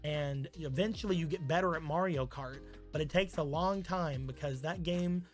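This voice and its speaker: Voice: medium pitch, moderate pace, soft background music. A streamer casually telling a rambling, crude made-up story on a live stream, with many "like"s.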